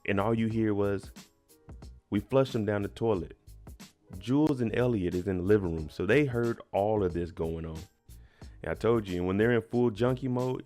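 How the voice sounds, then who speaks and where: A man's voice: medium pitch, darkish tone. A man casually recapping a TV episode, retelling it emphatically with slang. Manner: chatty, emphatic retelling with slang and little laughs. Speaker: TV recap host.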